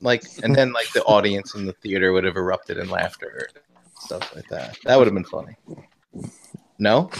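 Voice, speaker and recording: A man on a podcast panel, joking around in animated casual chat. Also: deep voice, moderate pace, gravelly, slight background noise.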